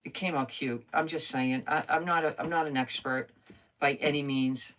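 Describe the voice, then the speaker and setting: A woman's voice: a bass voice, steady tone, normal speed, a bit bright. An older woman chatting casually while crafting on a live stream, talking to herself and answering viewer comments.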